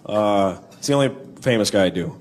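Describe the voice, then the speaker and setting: Recorded live at a comedy club with audience sounds and background noise, a man does stand-up with wry, deadpan delivery. His voice is fairly low and darkish, expressive, and slightly fast.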